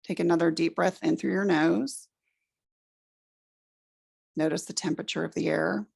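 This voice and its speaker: A middle-aged woman leading a room through a guided relaxation exercise, giving slow, soothing instructions. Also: fairly low pitch, steady tone, vocal fry, darkish tone, slightly rough. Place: presentation room with an audience.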